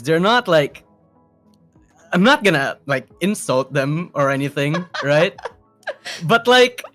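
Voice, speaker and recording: Rambling young man guest on call. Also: fairly high pitch. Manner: rambling, repeats words, swears, trails off quietly. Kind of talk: casual chat.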